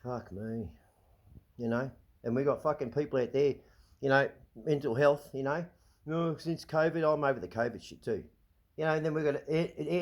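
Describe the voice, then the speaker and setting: A middle-aged Australian man rants into the camera, slightly higher-pitched than most men, agitated and swearing freely. He trips over his words, repeating and restarting as he vents. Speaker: vlog host. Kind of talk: ranting monologue.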